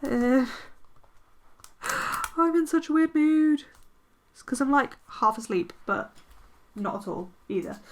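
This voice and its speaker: A woman chatting casually as she decorates her planner, rambling and poking fun at herself. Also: fairly high pitch. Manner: chatty, self-deprecating, rambling with fillers. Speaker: planner vlogger. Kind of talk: casual chatty narration while crafting.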